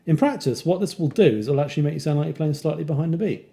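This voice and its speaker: A man's voice: on the high side, very fast, creaky, warm tone. A man with a British accent teaching a casual jazz guitar lesson, counting beats and scatting rhythms. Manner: counts beats aloud and scats rhythms while demonstrating. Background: guitar playing between phrases.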